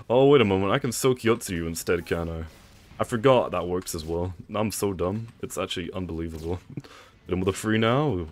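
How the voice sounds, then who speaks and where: A man's voice: low voice, brisk, no echo. A young man, commentating a live game stream, teasing chat and laughing often. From England. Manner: playful trash talk, laughs a lot, reads chat aloud.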